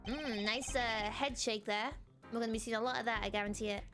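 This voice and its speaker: A woman's voice: fairly high pitch, steady tone, brisk. A woman streaming a game at home on a desk mic, chatting in a self-mocking way and reading the dialogue aloud. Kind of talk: casual let's play chat, reading game dialogue. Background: game music.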